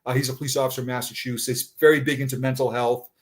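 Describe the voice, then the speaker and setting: A middle-aged man, a retired police officer, telling a personal story in conversation, halting and often repeating words. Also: mid-range voice, flat delivery.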